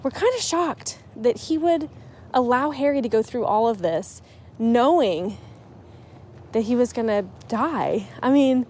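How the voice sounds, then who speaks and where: Woman, podcast host, slightly high, mellow voice, chatty, emotional, trips over her words. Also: animated, measured pace, a little hiss or hum. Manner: chatty and emotional, with frequent restarts. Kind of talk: casual solo podcast talk.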